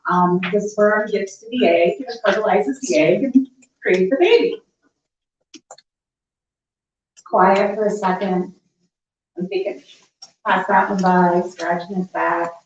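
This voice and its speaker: A middle-aged woman telling a funny personal story at a live story slam, animated and laughing as she goes. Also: mid-range voice, slow, pauses often, slight background noise. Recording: echoey, distant, dull live room recording.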